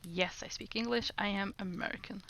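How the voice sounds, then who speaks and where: A woman's voice: medium pitch, fairly even intonation, brisk, vocal fry, a bit bright, a little hiss or hum. A woman streamer chatting casually while doing language lessons, repeating foreign phrases aloud and giggling often.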